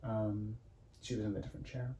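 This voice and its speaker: A man's voice: fairly low pitch, flat delivery, fairly quick, dark tone, roomy sound, a little hiss or hum, low-quality recording. A man casually recapping an acting class at home, rambling with many fillers and restarts. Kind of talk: casual storytelling chat. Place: home room.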